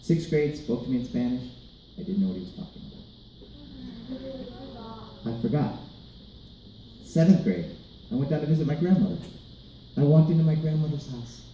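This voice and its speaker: A man telling a personal story to children at a live event, animated and asking the audience questions. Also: mid-range voice, normal speed, pauses often. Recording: roomy, distant mic, light background noise.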